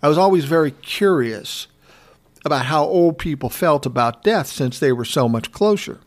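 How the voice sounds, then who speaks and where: A man's voice: on the high side, lively intonation, normal speed. A man in his sixties hosting a solo podcast, telling personal stories in a candid, reflective, conversational way. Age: 60s. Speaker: podcast host.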